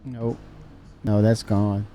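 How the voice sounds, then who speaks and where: A man's voice: fairly low pitch, little pitch movement, takes it slowly, warm tone, dull audio, soft background music. A man streaming a game live, muttering to himself in casual commentary, laughing and mock raging.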